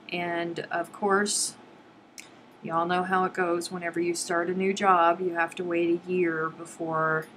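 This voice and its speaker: A woman's voice: lowish voice, fairly bright tone, slight background noise, low-quality recording. A middle-aged woman hosting a casual live stream and chatting with her viewers, reading their comments aloud playfully. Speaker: livestream host.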